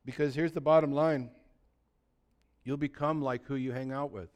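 A man pastor giving a sermon, exhorting his listeners with humorous asides and swinging between quiet asides and loud, fervent passages. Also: medium pitch, steady tone, normal speed.

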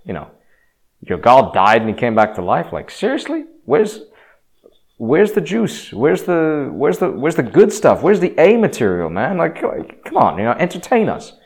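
A man's voice: on the low side, animated, fairly quick, natural voice. A man voicing a scornful ancient Greek who mocks and demands to be entertained. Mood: mocking. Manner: sarcastic, incredulous, demanding. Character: scoffing ancient Greek man, mocking and unimpressed.

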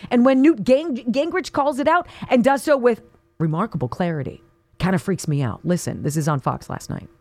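Woman, talk radio host; punchy, slangy, swooping delivery, slightly high voice. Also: lively intonation, normal speed, darkish tone, dry recording, soft background music. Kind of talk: opinionated political talk radio.

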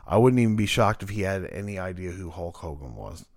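Male co-host, low and gravelly; loose, rambling, profane chat. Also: sing-song, a little fast, darkish tone, no room sound, studio quality. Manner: rambling, loose, swears freely. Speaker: podcast co-host. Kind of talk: casual chat.

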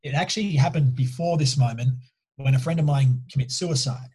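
Husky-voiced man telling a story. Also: medium pitch, fairly quick, a little mellow. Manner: emphatic, keeps checking in with "right?". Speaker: guest, mindset coach. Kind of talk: casual storytelling interview.

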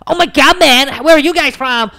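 A man imitating an overjoyed, relentlessly positive American male golfer, gushing and loud. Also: moderate pace, exaggerated voice. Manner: gushing, loud and high-pitched.

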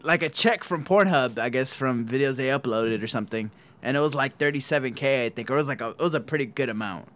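A man's voice: mid-range voice, fast talker, few pauses, fairly bright tone. A man co-hosting a podcast, rambling and laughing in casual chat. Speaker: podcast co-host.

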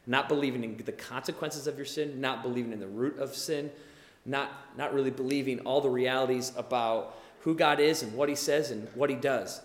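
A male pastor preaching a sermon in an animated way, acting out the people he talks about. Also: mid-range voice, brisk. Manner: animated, acts out quoted voices. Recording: echoey hall with long reverb.

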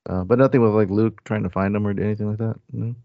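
A man's voice: lowish voice, fairly even intonation, fast talker, gravelly, dull audio. A man chatting casually on a podcast panel, asking questions and laughing along with the others. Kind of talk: casual chat.

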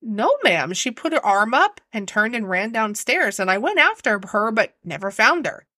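A woman's voice: on the high side, sing-song, moderate pace, pushed and bright, no room sound, studio quality, full character voice. Woman voicing a timid, earnest young housemaid. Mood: earnest, uneasy. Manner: rustic servant speech, deferential.

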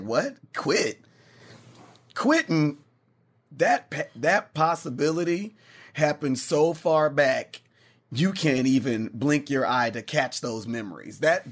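A man who manages a brand, chatting casually and telling stories with lively quoted voices. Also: on the high side, slow pace. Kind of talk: casual chat.

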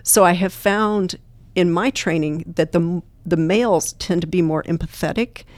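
A woman's voice: fairly low pitch, unhurried, darkish tone, dry recording. A woman guest who trains therapy dogs, telling earnest, plain-spoken stories in an interview. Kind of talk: storytelling interview answers.

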